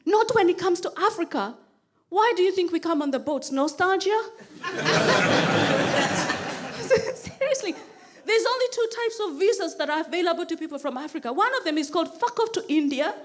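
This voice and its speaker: A woman from Kenya performs stand-up in an animated way, slipping into other people's voices. Her voice sits very high, and the live club recording carries clear room noise and audience laughter. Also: normal speed, long pauses. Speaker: stand-up comedian. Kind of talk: stand-up comedy set. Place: comedy club stage before a laughing audience.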